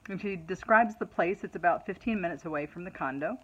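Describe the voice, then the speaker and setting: A middle-aged woman vlogging to her followers, telling a personal story in a chatty, animated way. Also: on the low side, brisk, slightly rough, highs cut off. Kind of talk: casual personal storytelling to camera.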